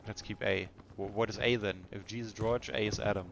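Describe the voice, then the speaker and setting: A man's voice: on the low side, steady tone, brisk, vocal fry, fairly bright tone, muffled recording, a little hiss or hum. Chatty man commenting gameplay. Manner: chatty and self-mocking, often laughing to himself. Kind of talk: casual let's-play commentary.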